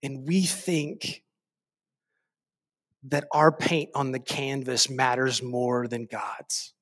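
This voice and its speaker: A man preaching a sermon, slow and deliberate, repeating phrases for emphasis. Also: mid-range voice, fairly even intonation, fairly bright tone.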